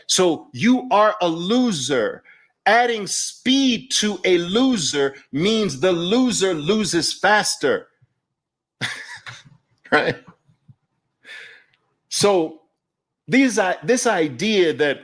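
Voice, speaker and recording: A man's voice: fairly high pitch, fairly bright tone. A man hosting a live online audio room, talking emphatically and mockingly and repeating phrases for effect. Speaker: host.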